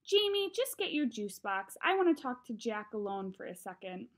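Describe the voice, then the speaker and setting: A woman's voice: a little high, big pitch swings, moderate pace. A woman voicing a caring mother who firmly scolds her sons, reading a storybook aloud. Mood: scolding. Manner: scolding, firm.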